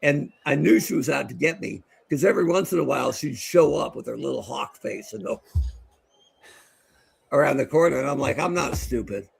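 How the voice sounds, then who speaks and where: A middle-aged man with a higher, creaky, breathy-edged voice speaks a little fast while co-hosting a podcast. He's lively as he tells stories in casual conversation and calls a game, with frequent laughter.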